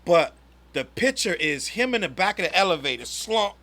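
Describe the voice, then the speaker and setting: A man co-hosting a casual podcast chat, telling a story in an animated way with quick restarts. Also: high-pitched. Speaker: podcast co-host.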